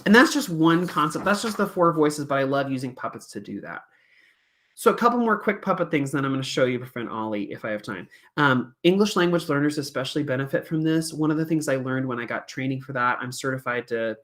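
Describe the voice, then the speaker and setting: A chatty male music teacher presenting to other educators. His voice is bright and forward, with an easy, animated delivery. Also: mid-range voice, a little fast.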